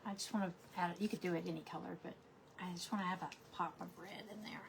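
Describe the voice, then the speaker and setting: A middle-aged woman chatting casually while she paints crafts, telling stories and often trailing into soft asides. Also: fairly low pitch, fairly even intonation, quick pace, creaky, noisy background. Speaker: crafting vlogger.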